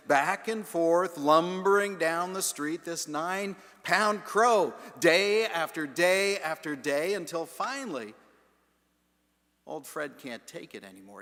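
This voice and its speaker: A man preaching a sermon as the pastor, telling a story in a deliberate, emphatic way in a large stone church. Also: a little high, sharp tone. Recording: long church reverb.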